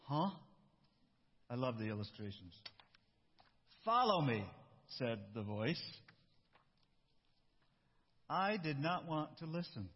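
Husky-voiced pastor in a church hall. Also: male voice, medium pitch, measured pace, pauses often. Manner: warm asides, self-interrupting, relaxed. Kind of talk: sermon with storybook reading. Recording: dull echoey church hall.

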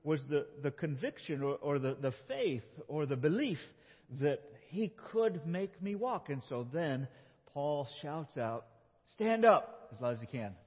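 Unhurried and husky, a slightly high-voiced male pastor talks playfully with children, steering them as they act out a scripture story. The sermon is recorded dully in a big, reverberant church sanctuary.

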